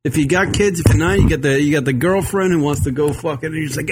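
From a studio, a Long Island, New York man hosts a radio show in a fairly high, fast voice against background noise. He chats casually and rambles, swearing and using plenty of fillers.

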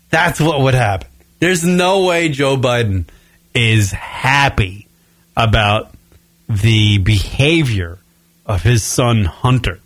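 A man's voice: medium pitch, expressive, slow pace, pauses often, a bit bright, no echo. A young American man hosting a radio show, ranting crudely and bluntly and drawing out words for emphasis. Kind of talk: profane ranting commentary.

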